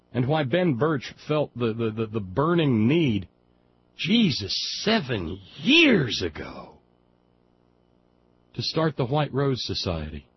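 A man's voice: medium pitch, creaky. A man hosting a liberal talk radio show, delivering a folksy, digressive, impassioned political monologue. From West Virginia. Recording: dull lo-fi audio with faint background noise.

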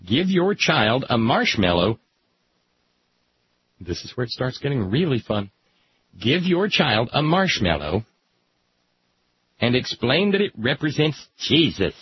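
Husky man with a sardonic deadpan. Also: medium pitch. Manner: sardonic, deadpan, with mock-pious readings. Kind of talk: satirical reading with asides. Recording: dull lo-fi recording.

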